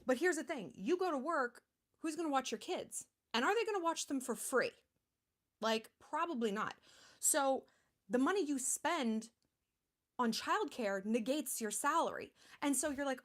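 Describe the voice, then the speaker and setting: A woman's voice: sits high, animated, normal speed, a bit bright. A woman in her thirties hosting a charity livestream, talking in a chatty, blunt way with lots of fillers. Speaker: livestream host. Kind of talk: casual livestream talk.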